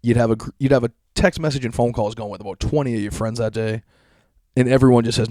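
A man's voice: medium pitch, quick pace, warm tone, no room sound, studio quality. A young adult man hosting a solo podcast, ranting in a profane, sarcastic, mocking way with frequent laughter. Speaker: podcast host.

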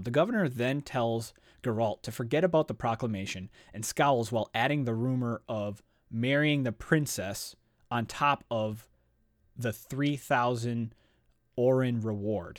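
A man's voice: medium pitch, no room sound, studio quality. Chatty man summarizing a book. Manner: rambling summary with fillers and laughs. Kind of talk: casual book-discussion podcast chat.

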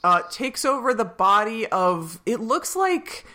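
A young woman talks through a movie plot in a bright, clear voice, laughing often and jumping into little voices for the characters. Her delivery is loose and animated, like a casual chat between friends. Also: a little high, measured pace. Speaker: podcast co-host.

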